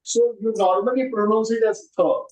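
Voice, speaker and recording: A man's voice: high voice, fairly even intonation, moderate pace, darkish tone. A man with an Indian English accent teaching a language class online, explaining patiently, repeating words and checking that everyone understands. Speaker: Sanskrit teacher. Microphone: video call. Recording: muffled lo-fi online call audio.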